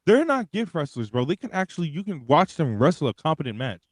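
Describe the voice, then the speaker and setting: A young man, talking in an animated and profane way as he co-hosts a wrestling review. His voice runs a little high and swings widely in pitch. It sounds dry and close, with no room around it. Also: fast, dry recording. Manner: animated, profane, rambling with restarts. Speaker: wrestling podcast co-host. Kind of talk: casual chat.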